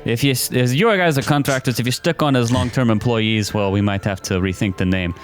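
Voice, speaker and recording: A man acting as game master, narrating a tabletop game in a relaxed, rambling way with lots of fillers. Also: mid-range voice, brisk, faint music behind.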